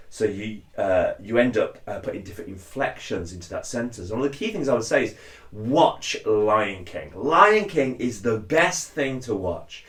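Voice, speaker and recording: A man's voice: expressive, normal speed. A man, casually explaining a cosplay voice technique and chatting as he demonstrates. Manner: chatty, drops into deep impressions of lines. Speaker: cosplayer giving a tutorial. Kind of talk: casual spoken tutorial. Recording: echoey room.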